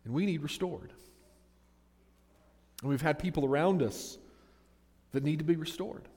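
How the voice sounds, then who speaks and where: A man's voice: a little high, measured pace, a little mellow, breathy edge, big-room sound. A man preaching a sermon in a conversational way, asking his listeners rhetorical questions. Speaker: pastor.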